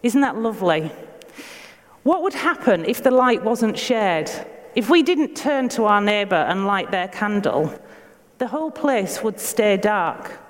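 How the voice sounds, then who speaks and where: A woman with a Yorkshire accent giving an earnest, measured sermon in a church, asking her listeners questions. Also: mid-range voice, big pitch swings, in a large hall. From Yorkshire, England. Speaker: preacher.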